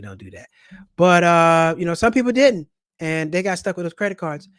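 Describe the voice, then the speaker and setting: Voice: mid-range voice, fairly bright tone, no echo, clean studio sound. A personal finance vlogger talking casually to camera, loose and slangy, rambling with restarts and blunt asides. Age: young adult or older. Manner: rambling, with many restarts and acted quotes.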